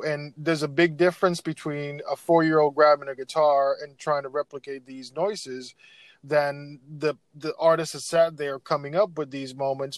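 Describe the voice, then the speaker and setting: A man's voice: fairly high pitch, no room sound. A man co-hosting a casual music podcast, talking earnestly and with emphasis. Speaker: podcast co-host. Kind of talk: casual chat about records.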